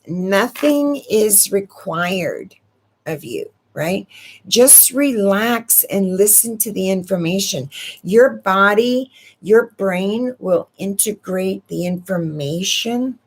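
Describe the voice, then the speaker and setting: A woman hosting her own channel, giving an unhurried spiritual talk to viewers and often asking rhetorical questions. She is sniffling a little. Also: mid-range voice. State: sniffling from allergy medicine. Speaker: channel host.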